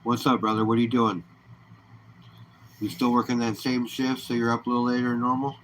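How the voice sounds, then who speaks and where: A man's voice: mid-range voice, level tone, brisk, a bit bright, slight background noise, rough recording. A man hosting a live stream, chatting casually and easygoing with viewers and greeting them by name.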